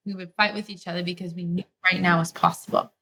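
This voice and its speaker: A woman speaks as a podcast guest in a low, fairly even voice. She talks earnestly about her relationship, sprinkling her sentences with "like," and faint noise sits under the recording. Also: quick pace. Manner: earnest, reflective, frequent "like" fillers. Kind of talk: candid relationship talk.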